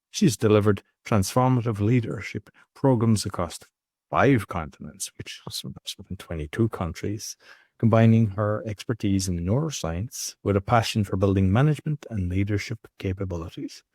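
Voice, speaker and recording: A man's voice: on the low side, a little mellow, no echo, studio quality. An Irish man hosting a podcast interview, talking informally with rambling asides. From Ireland. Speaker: podcast host.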